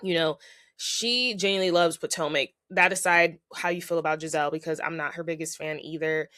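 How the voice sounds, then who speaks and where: Woman podcast host just chatting, opinionated, lowish voice, dry close mic. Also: steady tone, brisk, sharp tone, dry recording. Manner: chatty and opinionated, lots of fillers. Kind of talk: casual chat.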